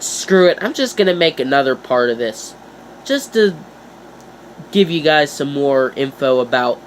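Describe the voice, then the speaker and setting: A teenage boy vlogging in a casual, chatty way, playful and animated, jumping up in pitch for emphasis. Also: a little hiss or hum. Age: teens. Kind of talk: casual chat to camera.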